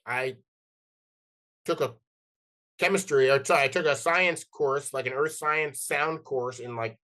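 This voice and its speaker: Animated middle-aged man telling stories. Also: mid-range voice, unhurried. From New Jersey and New York City, US. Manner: animated, acts out quoted dialogue, frequent restarts and "like". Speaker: podcast guest. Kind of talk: casual interview storytelling.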